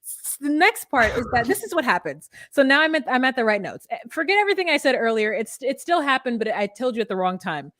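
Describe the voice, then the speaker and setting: A woman hosting a podcast, retelling a story from her notes in an animated, profane way and correcting herself as she goes. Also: high voice, fast, slight background noise. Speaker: podcast host reading from notes. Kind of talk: casual storytelling chat.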